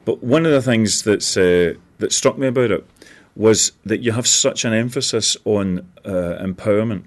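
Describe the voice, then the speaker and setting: A co-host with a slightly low voice muses over ideas. He strings his questions out at length, thinking as he speaks. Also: normal speed. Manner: musing, thoughtful, asks long questions. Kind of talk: casual chat and interview.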